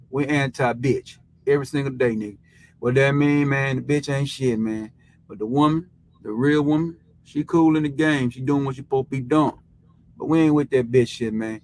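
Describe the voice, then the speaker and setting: A man's voice: medium pitch, low-quality recording. Rambling man hosting a live show. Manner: loose, rambling and heavily profane, with constant filler tags. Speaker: host of a live sports recap show. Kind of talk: casual live-stream rant.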